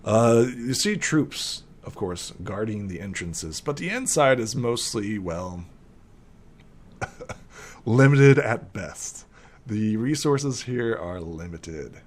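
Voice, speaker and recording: A man's voice: fairly low pitch, expressive, takes it slowly. A young man narrating as game master in a tabletop game, rambling with many fillers.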